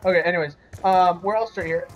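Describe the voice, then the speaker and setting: A man's voice: high-pitched, steady tone, fast, highs cut off, slight background noise. A young man hosting a casual gaming chat over a voice call, rambling with lots of fillers and restarts. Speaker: host.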